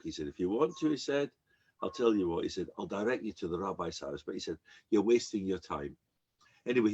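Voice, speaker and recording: A rabbi giving a sermon, telling a story and acting out the people in it. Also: male voice, fairly low pitch, slightly rough. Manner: animated storyteller acting out quoted characters. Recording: dull lo-fi recording.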